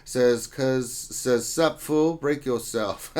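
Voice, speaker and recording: A man's voice: lowish voice, animated, normal speed. A man hosting a casual livestream, reading out chat names and greetings in a loose, joking way. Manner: reads chat names aloud, jokey and loose. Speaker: livestream host.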